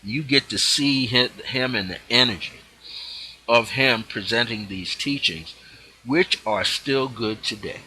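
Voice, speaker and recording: Bright, husky-voiced male spiritual teacher. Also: mid-range voice, a little slow, rough recording. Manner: reflective, lets phrase endings drop off softly. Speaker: host of a spiritual teaching show.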